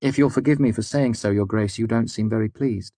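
A man's voice: lowish voice, fairly quick, mellow, dry recording, pitched above the performer's own voice, lightly acted. A man reading an audiobook, voicing a young male courtier who speaks formally and deferentially. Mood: polite, deferential.

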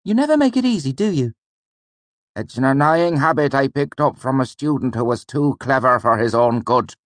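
A man's voice: mid-range voice, lively intonation, moderate pace, no echo, voice pushed up, lightly acted. A man voicing a dry, teasing older male teacher who quizzes his student in an audiobook. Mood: wry. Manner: wry, questioning, patient. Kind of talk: audiobook character voice.

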